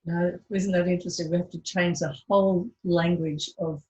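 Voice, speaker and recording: A woman's voice: on the low side, fairly even intonation, normal speed, a little mellow, lo-fi sound. A woman with an Australian accent, hosting a casual interview in a friendly, chatty way. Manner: friendly, chatty, laughs easily. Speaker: host, interviewer.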